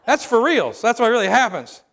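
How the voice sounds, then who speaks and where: A man's voice: extremely high pitch, big pitch swings, brisk, a bit bright. A middle-aged man preaching a sermon as pastor, humorous and conversational, often checking in with the crowd by asking "right?".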